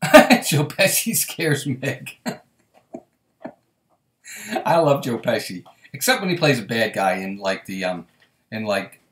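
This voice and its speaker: A man hosting a casual live stream, with a lively, bouncing voice that rises and falls. He chats freely, laughs a lot and reads viewer comments aloud. The sound has a roomy echo. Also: mid-range voice. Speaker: host.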